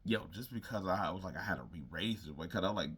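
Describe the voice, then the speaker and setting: A man's voice: low voice, animated, quick pace, fairly bright tone, breathy edge. A man giving a casual, rambling recap of a wrestling show, acting out lines from the people he describes. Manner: rambling, acts out quotes of wrestlers.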